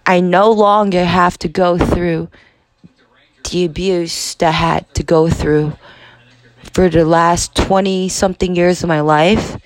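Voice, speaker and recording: A young woman in her twenties hosts a podcast, telling a personal story in a halting, profane confessional monologue. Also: lowish voice, fairly even intonation. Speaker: podcast host.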